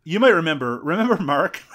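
Man recapping a film with lively pitch. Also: slight background noise. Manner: retells the plot with jokes and asides. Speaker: podcast co-host. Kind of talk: casual movie recap chat.

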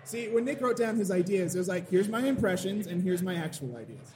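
A man's voice: sits high, lively intonation, a little fast, a little mellow, a little hiss or hum. A man co-hosting a podcast live at a comic convention, laughing easily and pushing the conversation on. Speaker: podcast co-host.

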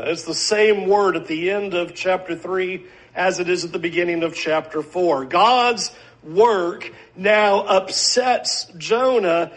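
Male pastor, higher-pitched voice, earnest measured sermon delivery with rhetorical questions. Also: a bit bright.

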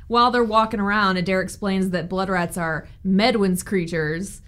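A woman's voice: mid-range voice, steady tone, moderate pace, a bit bright. A woman co-hosting a casual book podcast, recapping chapters with blunt, frank opinions. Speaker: podcast co-host. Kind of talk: casual book-club chat.

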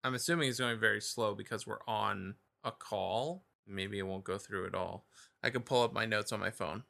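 A man's voice: fairly low pitch, normal speed, creaky, sharp tone. A man co-hosting a podcast over a call, talking in a loose, easygoing way that trails off. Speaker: podcast co-host. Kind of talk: casual chat on a call. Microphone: computer call microphone.

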